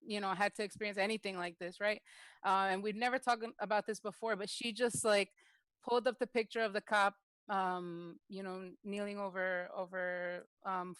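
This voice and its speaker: A woman talks in a mid-pitched voice, chatty and lively as she retells a story. Her sound is dry and close, with no room echo. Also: smooth. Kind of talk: casual discussion.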